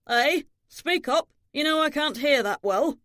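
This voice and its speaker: A woman's voice: medium pitch, animated, normal speed, no room sound, clean studio sound, lightly acted. A woman reading an audiobook, voicing an elderly, hard-of-hearing father who blusters and demands to be spoken up to. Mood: loud demanding.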